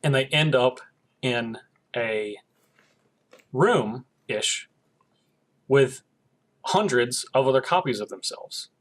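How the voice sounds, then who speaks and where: A man's voice: mid-range voice, slow, pauses often. A man co-hosting a podcast, retelling an episode's plot in casual chat and acting out the characters' lines. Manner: animated storytelling, acting out quoted lines. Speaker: podcast co-host.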